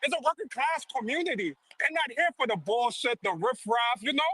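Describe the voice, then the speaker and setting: A man's voice: extremely high pitch, expressive, a little fast, pushed and bright, husky. A man calling in to an online talk show, arguing in a whiny, insistent way. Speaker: call-in speaker.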